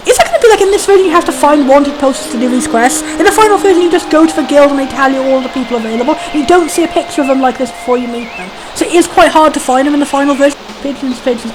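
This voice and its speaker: A woman giving casual, chatty commentary while playing a video game, comparing it with other versions. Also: high-pitched. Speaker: let's play host. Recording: game music behind.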